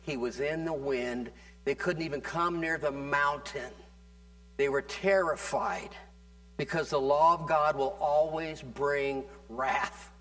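Emphatic male preacher, fairly high voice. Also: steady tone, slow, fairly bright tone, soft background music. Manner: emphatic preaching, drawing out key phrases and asking "amen?". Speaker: pastor. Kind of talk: sermon.

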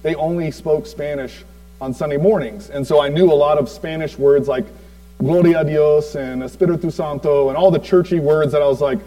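A man in his forties with a slightly high voice tells a personal story to a congregation. He rambles through it, with plenty of ums and uhs and quick asides to the listeners. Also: steady tone, dark tone, poor audio. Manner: rambling storytelling with many fillers, asides to the audience. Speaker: church speaker giving a tribute.

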